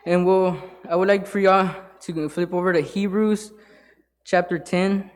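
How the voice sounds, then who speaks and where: A man giving an informal sermon in church, halting, with many fillers and restarts. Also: sits high, fairly even intonation. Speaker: lay church speaker. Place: church sanctuary.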